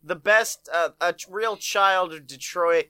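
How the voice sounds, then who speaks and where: A man co-hosting a casual comedy podcast, joking, rambling and laughing often as he pitches ideas. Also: measured pace, pushed and bright, smooth, no echo, clean studio sound. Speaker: podcast co-host.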